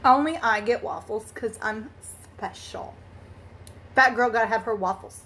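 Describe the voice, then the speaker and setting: A chatty woman with a high voice hosts a live crafting stream. She greets her viewers one by one and laughs easily as she talks. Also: fairly quick, fairly bright tone, a little hiss or hum. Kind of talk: casual live-stream chat while crafting.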